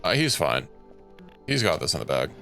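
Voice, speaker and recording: A man's voice: low voice, sing-song, normal speed, fairly bright tone, soft background music. A young man streaming a game, thinking aloud in a rambling, casual way and correcting himself as he goes. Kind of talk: casual gameplay commentary.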